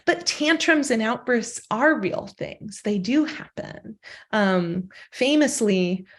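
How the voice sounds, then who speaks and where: A woman lecturing on philosophy in a measured academic style, often adding "um" and a rhetorical "right?". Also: on the high side, expressive.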